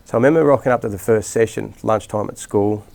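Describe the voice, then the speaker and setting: Here the rugby league coach, a middle-aged Australian, talks quickly in a lowish, creaky voice that's a little mellow. His stories wander in a casual interview, peppered with fillers and restarts.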